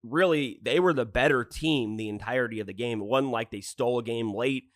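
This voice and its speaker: A man's voice: medium pitch, a little fast, a bit bright, no room sound. A man co-hosting a sports podcast, chatting loosely and laughing as he rambles through stories and picks. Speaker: podcast co-host. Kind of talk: casual sports podcast chat.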